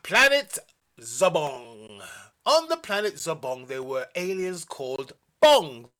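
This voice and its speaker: A young male storyteller reading his own children's story aloud, shouting out the characters' lines. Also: on the high side, huge pitch swings, measured pace.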